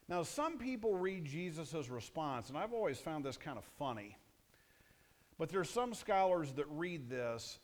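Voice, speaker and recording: A man's voice: on the high side, lively intonation, unhurried. A male pastor preaching a sermon in a conversational, punchy way, often asking the audience questions.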